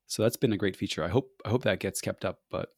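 A man's voice: lowish voice, fast talker, no room sound, studio quality. A man hosting a podcast, chatting casually and playfully with a guest. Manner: playful, jokey, laughs often. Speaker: podcast host.

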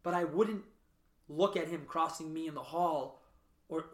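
Somewhat slow and with a roomy sound, this man's fairly high voice carries a casual interview chat on his podcast. As host he talks earnestly and reflectively, frequently checking in with "right?".

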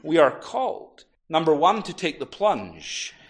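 A man preaching in a church with a slightly high voice. His delivery is animated, swinging between hushed lines and loud ringing cries as he quotes scripture. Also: measured pace. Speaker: minister. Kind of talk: sermon.

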